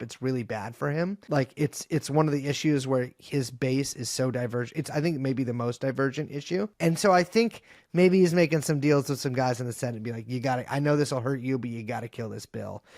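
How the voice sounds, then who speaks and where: Man guest, casual political chat, rambling and swearing, slightly high pitch, dry close sound. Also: no echo. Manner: rambling, profane, lots of fillers and restarts. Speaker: podcast guest.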